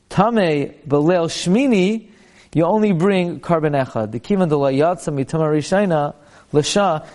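Man, rabbi, Talmud lesson, chants text then explains, fairly high voice, warm tone. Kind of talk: Talmud class, reading and explaining.

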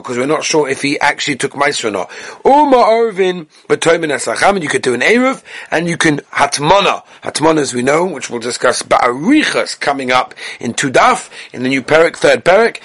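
A man's voice: fairly high pitch, fairly bright tone. A man teaching a daily Talmud class, explaining the text with frequent restarts.

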